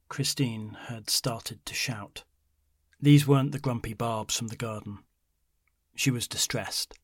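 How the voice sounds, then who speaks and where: A man narrating a scripted horror story in a measured, low-key storytelling manner. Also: steady tone, dry recording, clean studio sound.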